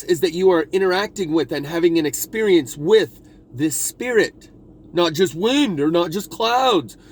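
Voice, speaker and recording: A man talking in a meandering spiritual monologue, restarting his sentences and pressing hard on key words. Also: sits high. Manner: meandering, restarts often, intense emphasis. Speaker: video blogger.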